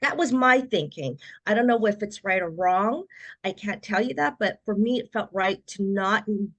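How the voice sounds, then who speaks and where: A woman's voice: mid-range voice, normal speed. Woman telling her story, acting out quotes. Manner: animated storyteller who acts out quoted voices. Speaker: guest. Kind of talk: personal storytelling interview.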